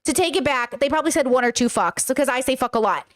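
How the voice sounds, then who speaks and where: A woman's voice: high-pitched, animated, quick pace. A woman hosting her own show, telling a personal story in a casual, candid way, swearing freely and answering her chat. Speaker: streamer reacting to live chat.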